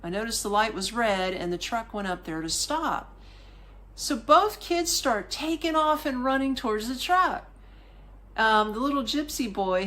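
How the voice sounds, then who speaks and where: A woman's voice: mid-range voice, a bit bright. A woman with a mid-range voice tells a travel anecdote on her podcast. She sounds loose and colloquial and keeps turning to the listener with little asides. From United States. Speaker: podcast host. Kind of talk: casual storytelling monologue.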